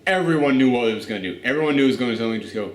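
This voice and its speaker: A man's voice: mid-range voice, very fast. A man hosting a casual spoiler review of a movie, talking animatedly and swearing a lot. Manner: animated, swearing, with acted asides. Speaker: movie reviewer and channel host. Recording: echoey room.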